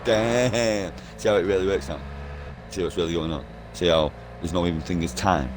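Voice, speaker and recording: A man with a deep, steady voice rambles without pause in an online game party chat, conspiratorial and swearing a lot. He speaks at a moderate pace through a gaming headset, with background noise around him.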